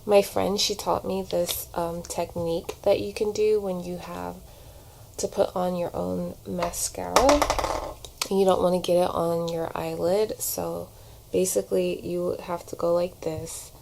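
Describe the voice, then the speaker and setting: Casting note: woman vlogger, relaxed get-ready-with-me chat, mellow voice with some vocal fry, camera mic at home. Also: fairly low pitch, measured pace, slight background noise, poor audio. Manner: chatty, rambling, many "like" fillers. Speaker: vlogger and actor. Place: at home, doing makeup in front of a mirror. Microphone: camera propped on a shelf.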